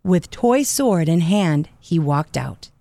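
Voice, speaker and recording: Slow, gentle woman storyteller. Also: fairly low pitch, no room sound. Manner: gentle, clear, expressive storytelling. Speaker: narrator. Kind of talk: children's storybook narration. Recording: dry studio voice.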